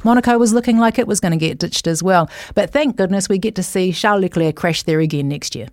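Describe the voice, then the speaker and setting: A woman talking casually about motor racing, chatty and animated, jumping between asides. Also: fairly low pitch, fast talker, dry recording, clean studio sound. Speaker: guest commentator.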